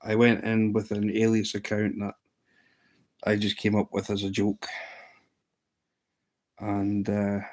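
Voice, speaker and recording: A man with a fairly low voice, chatting casually to his livestream viewers. He tells the story in a loose, amused ramble, stumbling and restarting as he goes. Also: monotone, slow pace, long pauses, darkish tone. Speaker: livestream host.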